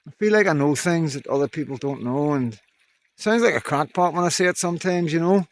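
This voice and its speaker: A man's voice: fairly high pitch, animated, brisk. A man with a thick regional accent speaks to his followers on an evening stroll, recorded on a handheld phone outdoors. He rambles in a blunt, downcast way, looping back on his points and swearing now and then. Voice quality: strong regional accent that he says captions garble. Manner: rambling, frank, swears, repeats "you know". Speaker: vlogger. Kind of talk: casual monologue to viewers.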